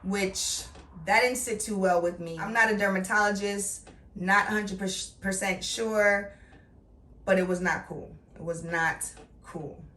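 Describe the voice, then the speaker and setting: A woman's voice: mid-range voice, fairly even intonation, unhurried, bright, forceful tone, recorded from a distance. A middle-aged woman chatting playfully and with emphasis as she reviews a product. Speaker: beauty vlogger. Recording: echoey room, voice off-mic.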